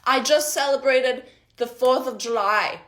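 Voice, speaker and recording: A woman from Northern Michigan telling a story in a casual vlog, exasperated and animated, acting out what others said. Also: high-pitched, unhurried. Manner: exasperated, animated retelling with mimicked quotes.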